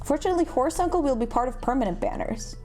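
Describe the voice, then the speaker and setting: Young woman streamer reading chat, kinda high, bouncy voice, puts herself down a lot. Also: fast, faint music behind. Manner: self-deprecating, animated reactions. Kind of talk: casual livestream chat.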